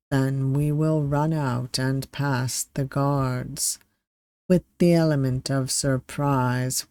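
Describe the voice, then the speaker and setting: Reader doing a calm young male pirate weapon master, unhurried and even. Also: creaky, no room sound. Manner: calm, steady, low-key reassurance. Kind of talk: reading a visual novel aloud.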